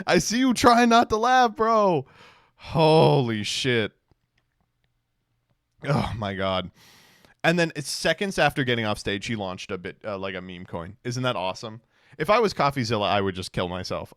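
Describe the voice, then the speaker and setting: A man's voice: on the low side, a bit bright, clean tone, dry recording, clean studio sound. A man streaming casual commentary, sarcastic and fond of mocking impressions.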